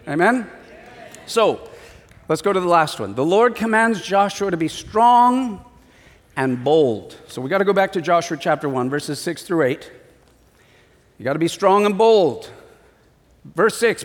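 A man preaching a sermon as pastor, animated, acting out little voices in his stories. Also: high-pitched, moderate pace, in a large hall.

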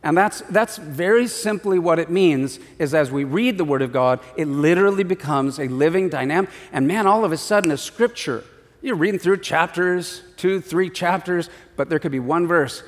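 A man delivers an animated sermon, slipping into small acted voices as he tells stories. His voice sits high for a man. Long reverb from a church hall trails every line. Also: moderate pace. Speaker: pastor.

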